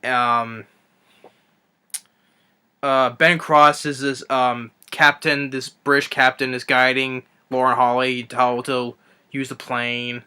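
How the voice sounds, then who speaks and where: A man's voice: mid-range voice, level tone, slow pace, sharp tone, clean tone. A young man reviewing a film in an unscripted rant, rambling with many restarts and fillers. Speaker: movie reviewer.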